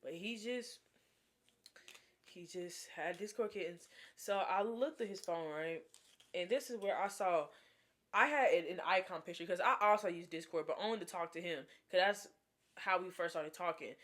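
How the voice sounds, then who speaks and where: Animated young woman telling a storytime. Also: fairly low pitch, moderate pace. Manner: animated, slangy, dramatic. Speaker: vlogger. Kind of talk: storytime vlog.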